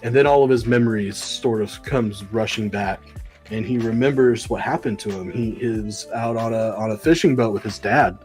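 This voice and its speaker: A man's voice: on the low side, normal speed, darkish tone, soft background music. Rambling podcast co-host, casual male. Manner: rambling retelling with many ums and likes. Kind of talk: casual comic book review chat.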